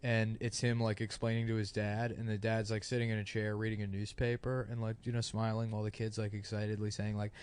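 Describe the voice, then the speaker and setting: A man's voice: on the low side, flat delivery, fast talker, hardly any pauses, darkish tone, clean tone. A man co-hosting a comedy podcast, telling rambling stories full of fillers and bursts of laughter. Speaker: podcast co-host. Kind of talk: crude comedy podcast banter.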